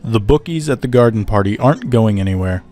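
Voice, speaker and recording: A cool, wicked mafia boss, voiced by a man for an audiobook. He speaks in a low, level voice, smug and perfectly calm. There is faint music under him. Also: brisk, lightly acted. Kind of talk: audiobook character voicing.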